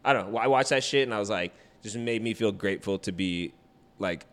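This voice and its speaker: Casual co-host, man in his thirties, low voice, animated and profane, with a long room reverb. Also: brisk. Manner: animated, profane, acts out quotes loudly. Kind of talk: casual chat.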